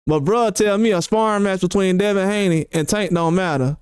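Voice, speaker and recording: High-voiced man ranting about boxing. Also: fairly quick, clean tone, no echo, studio quality. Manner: animated, repeats himself, rhetorical questions. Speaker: boxing commentary host. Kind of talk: heated casual commentary.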